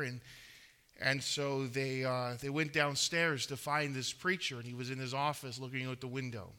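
Bright-voiced halting male preacher. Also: mid-range voice. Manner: halting, repeats words, many fillers. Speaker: pastor. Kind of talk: sermon.

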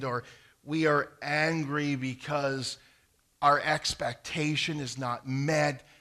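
A man delivers a sermon in a bright, forceful voice that sits a little high for a man. He swings between loud, emphatic stretches and quiet, low asides, with the odd stumble and restart. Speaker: pastor.

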